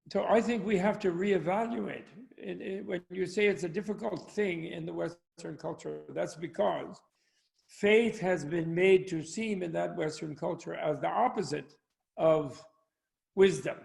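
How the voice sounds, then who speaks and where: Gravelly, high-pitched older man. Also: darkish tone. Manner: rambling, anecdotal, chuckling. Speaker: Buddhist scholar, professor. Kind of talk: discussion with jokes. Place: home, online talk. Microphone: video call.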